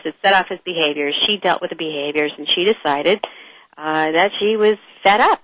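A middle-aged woman guest telling frank stories in a lively conversational interview. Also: fairly low pitch, no echo. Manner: animated storyteller, frank and chatty. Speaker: author and guest. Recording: dull dry lo-fi sound.

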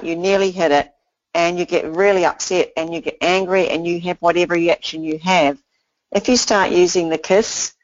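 A woman inspirational speaker giving an earnest motivational talk, repeating simple phrases, on a slightly dull lo-fi recording. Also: fairly low pitch.

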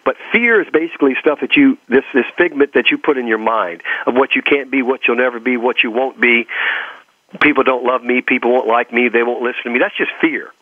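A man's voice: medium pitch, fairly quick, dry recording. An earnest man with a Texas drawl, talking like a motivational preacher who loves repetition. His voice comes through a narrow, phone-like line with a dry sound. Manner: earnest, preachy, repeats phrases for emphasis. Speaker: guest. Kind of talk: motivational interview talk.

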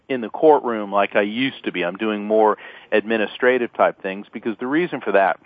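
A man's voice: fairly low pitch, moderate pace. A middle-aged man, a guest attorney and author, telling stories earnestly with lots of fillers and restarts in a phone-in radio interview. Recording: tinny phone-line sound.

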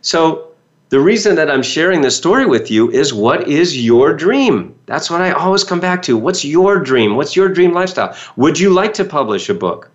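A man's voice: a little high, normal speed. A man, a motivational speaker, telling a personal story to an audience and acting out the voices he quotes. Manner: animated, acts out quoted voices. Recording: dull lo-fi sound.

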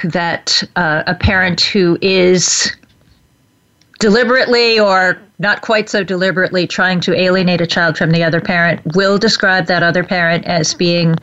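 A woman's voice: on the low side, a bit bright. A woman interviewer who thinks aloud carefully before she puts her question to the guest. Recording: dull lo-fi audio.

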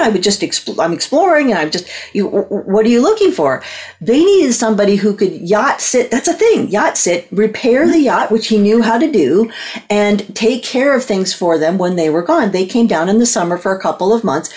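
A woman's voice: medium pitch, brisk. A woman guest on a talk show telling a long story with lots of energy, acting out the voices of the people in it. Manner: lively, acts out voices in her story. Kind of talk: animated anecdote on a talk show.

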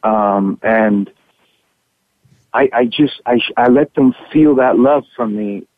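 An actor being interviewed by phone from his room, talking haltingly with many restarts and repeated words. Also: medium pitch, dry recording. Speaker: actor guest. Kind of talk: candid interview over the phone. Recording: tinny dry phone line.

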